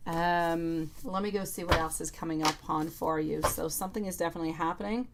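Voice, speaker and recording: A woman's voice: on the low side, steady tone, fairly quick, gravelly, heavy background noise. A woman giving a live tarot reading and answering viewers in chat, affectionate, calling them sweetie and lovely. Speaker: tarot reader.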